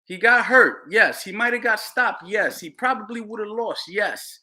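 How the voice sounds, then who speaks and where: A man's voice: sits high, moderate pace. A man hosting a boxing podcast, ranting heatedly and repeating himself. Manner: animated, ranting, repeats phrases. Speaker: podcast host.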